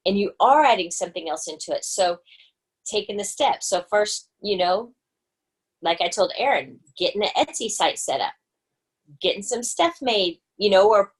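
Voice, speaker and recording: A woman's voice: mid-range voice, husky. A woman hosting a book study group on a video call, chatty and encouraging, with lots of fillers. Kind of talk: casual group video chat.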